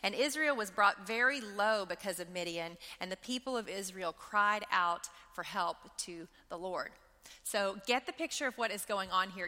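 Woman doing bible teaching, bright sharp voice, reads the verses then asks lots of questions, long hall echo. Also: medium pitch. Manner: reads scripture, then explains with rhetorical questions.

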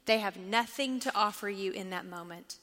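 A woman's voice: mid-range voice, normal speed, a bit bright, long reverb tail. A woman teaching a Bible study class, reading scripture aloud and asking the group questions as she goes. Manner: engaging, asks the class questions.

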